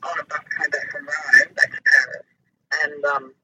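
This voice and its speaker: An Australian man, a podcast guest, talking in an unhurried, relaxed way with thoughtful pauses. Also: on the high side, vocal fry, slight background noise, low-quality recording. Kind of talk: casual chat.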